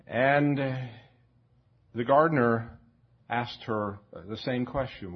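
Slow, husky-voiced male preacher. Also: mid-range voice. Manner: slow, reflective, with frequent repeats and fillers. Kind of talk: sermon. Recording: dull lo-fi recording.

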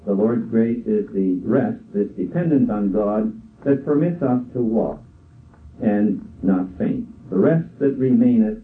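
An older man preaching a sermon in a slow, measured way, quoting scripture. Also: lowish voice, animated, slight background noise. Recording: tinny phone-like sound from far off.

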